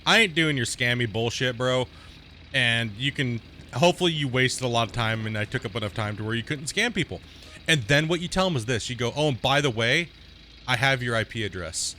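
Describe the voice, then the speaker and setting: A man's voice: medium pitch, pushed and bright, a little hiss or hum. A man streaming a game live, chatting casually and rambling through stories, often tagging sentences with "right?".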